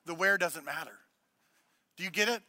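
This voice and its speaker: A man preaching a sermon, mixing casual joking asides with loud, emphatic preaching. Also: a little high, moderate pace, no room sound, clean studio sound. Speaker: pastor.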